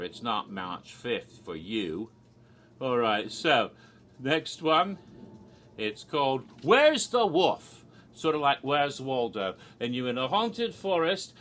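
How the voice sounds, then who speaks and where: A man delivers a rambling comedic monologue with deadpan humor, stumbling over his words now and then. He talks slowly, and his voice is bright and edged with tension. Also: medium pitch. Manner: rambling, absurd deadpan humor with frequent restarts. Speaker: video creator. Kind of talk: comedic monologue of made-up haunted houses.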